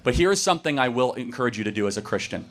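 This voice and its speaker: Man, debate host, assertive, fast-talking, sarcastic edge. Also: mid-range voice, lively intonation, a bit bright. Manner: quick, assertive, sarcastic at times. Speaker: debate host taking audience questions. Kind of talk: campus debate.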